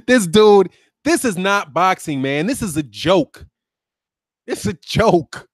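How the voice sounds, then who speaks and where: A man's voice: sits high, lively intonation, slow, dry recording, clean studio sound. A man hosting a boxing commentary channel, mocking and sarcastic, laughing often as he reacts.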